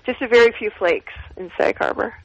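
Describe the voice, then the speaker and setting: A woman guest chatting in a relaxed, chatty way. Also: mid-range voice, a little fast, vocal fry, husky, dull audio. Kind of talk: casual chat.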